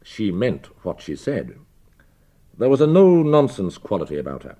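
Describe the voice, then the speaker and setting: A man presenting a radio documentary in a measured, scripted way, introducing archive voices. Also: on the low side, huge pitch swings, warm tone.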